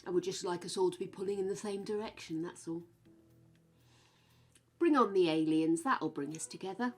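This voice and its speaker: A woman's voice: lowish voice, moderate pace, faint music behind. A woman chatting casually with her stream viewers, frank and chatty, swearing now and then. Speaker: game streamer.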